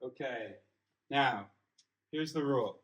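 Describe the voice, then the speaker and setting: Captured on a dashcam mic in a moving car, a son explains a theory to his father in a casual lecture. His voice is mid-range and unhurried, and the recording is echoey and very noisy. He goes step by step, asking "okay?" along the way.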